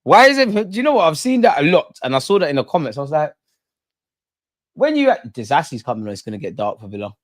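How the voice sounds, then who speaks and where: A man hosting a live football watch-along, chatting in excitable, slangy banter with his viewers. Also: mid-range voice, very fast, hardly any pauses, dry recording. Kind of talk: live fan commentary and chat.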